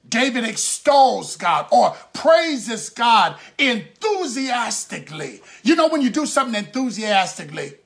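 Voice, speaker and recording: A man preaching a sermon, drawing out his phrases and breaking into shouted bursts of emphasis. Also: high voice.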